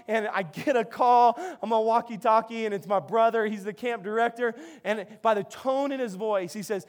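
A man with a notably high voice preaches to his congregation. He tells stories in an animated way, often restarting his phrases as he builds toward his point. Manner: animated storytelling with many restarts. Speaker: pastor. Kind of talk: sermon.

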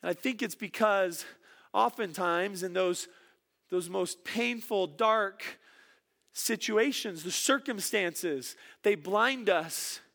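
A man's voice: high voice, takes it slowly, vocal fry, pushed and bright. A middle-aged man preaching a sermon, earnest and repeating words for emphasis. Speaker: pastor.

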